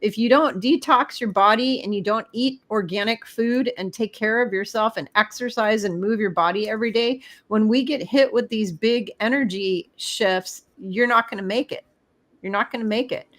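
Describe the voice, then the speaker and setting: A woman's voice: on the high side, moderate pace, a bit bright. A middle-aged woman giving spiritual advice in an emphatic, preachy way, speaking straight to the listener. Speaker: spiritual guest. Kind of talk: casual spiritual advice talk.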